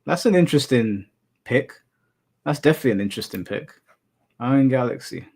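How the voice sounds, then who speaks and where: A man's voice: mid-range voice, lively intonation, brisk, darkish tone, husky. A young adult man hosting a live stream, chatting casually with viewers and telling rambling anecdotes with casual swearing.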